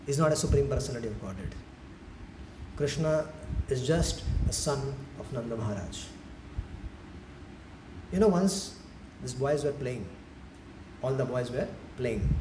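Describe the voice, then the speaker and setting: A man giving a devotional lecture in a temple hall, telling stories animatedly with frequent restarts. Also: on the high side. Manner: animated storytelling, many restarts. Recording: echoey hall, faint noise.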